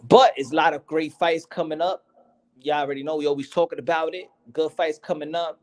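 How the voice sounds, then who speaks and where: A man talking in a slightly high voice as a podcast host. His talk is loose, slangy and casual. He sounds like someone chatting among friends about fights. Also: steady tone, fairly quick, a little mellow. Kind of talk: casual chat.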